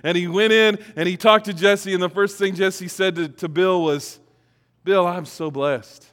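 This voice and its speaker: A pastor giving a sermon in a conversational way that builds to emphatic peaks. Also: male voice, sits high, steady tone, normal speed, a bit bright, big-room sound.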